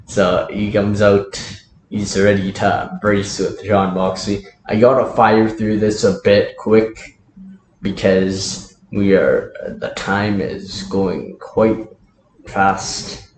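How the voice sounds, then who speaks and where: A man's voice: fairly low pitch, fairly even intonation, slow. A man casually telling a story to camera, chatty and laughing often as he hurries through the details. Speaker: wrestling fantasy booker. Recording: roomy echo, faint background hiss.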